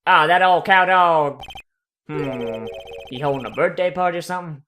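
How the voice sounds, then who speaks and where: A man's voice: fairly high pitch, moderate pace, over music, close to an everyday voice. Man hamming up a whooping drawling cowboy cop. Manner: loud, hammy drawl. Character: folksy cowboy male patrolman, swaggering. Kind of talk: let's play voice acting.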